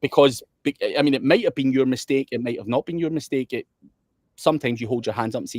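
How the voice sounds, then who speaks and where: Man, podcast host, blunt and profane, mid pitch, dry close recording. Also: fast, a little mellow, no room sound. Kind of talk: casual chat.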